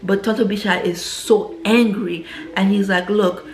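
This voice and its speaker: A woman's voice: mid-range voice, fairly even intonation, moderate pace. Chatty woman recapping a film, echoey room. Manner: chatty, frequently checks in with "right?". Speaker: film reviewer. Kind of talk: casual spoken film recap.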